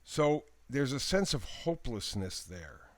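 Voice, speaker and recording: A man giving a daily tarot reading in a gentle, encouraging voice. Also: mid-range voice, big pitch swings, a little slow, no room sound. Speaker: tarot reader.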